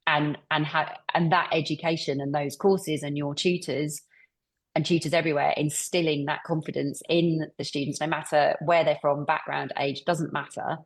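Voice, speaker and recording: Woman panel host, low husky gravelly voice, encouraging, thinks aloud. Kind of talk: panel discussion.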